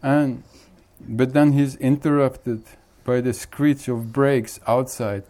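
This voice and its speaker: A man's voice: mid-range voice, flat delivery, warm tone. A man who is a spiritual teacher, chuckling as he tells a joke in casual talk. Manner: unhurried, chuckling often.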